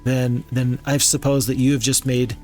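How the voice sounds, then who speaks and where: A relaxed man talks through a turn-based strategy game in a mid-range voice, rambling and amused at himself. Faint music plays behind him. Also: medium pitch, moderate pace. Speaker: gaming channel host. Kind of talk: let's play commentary.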